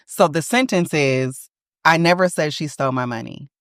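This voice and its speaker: Low-voiced chatty woman podcast host. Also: moderate pace, fairly bright tone, no room sound, clean studio sound. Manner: chatty, laughs often, emphatic. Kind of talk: casual chat.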